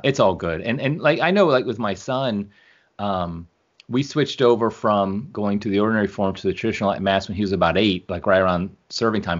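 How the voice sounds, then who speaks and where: A middle-aged man chatting as an interview guest, rambling and correcting himself as he goes. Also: deep voice. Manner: rambling, self-correcting, chuckles often. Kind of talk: casual interview chat. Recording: muffled lo-fi video call audio.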